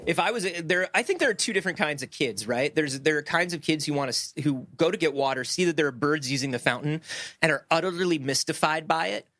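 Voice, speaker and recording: A man's voice: on the high side, animated, quick pace, sharp tone, dry recording. A man co-hosting a podcast in a casual, comedic chat, playful and jokey, acting out quotes as he talks. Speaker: podcast co-host.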